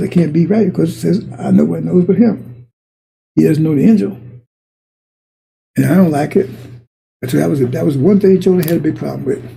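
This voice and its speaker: Gravelly dark-voiced man preaching. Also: on the high side, poor audio. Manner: colloquial, repetitive preaching with acted-out dialogue. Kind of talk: sermon.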